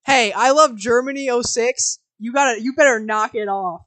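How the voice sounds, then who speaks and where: A woman live-streaming herself reading a film script aloud, switching from flat reading of scene directions to flustered asides to her chat. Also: on the high side, moderate pace, poor audio.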